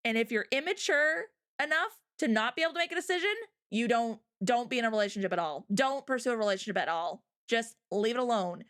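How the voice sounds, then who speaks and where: A woman with a high, sharply bright voice that swings widely up and down. She co-hosts a casual livestream and talks in an animated, emphatic way, pressing hard on her points. She sounds like she is speaking into a streaming mic. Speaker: streamer co-host.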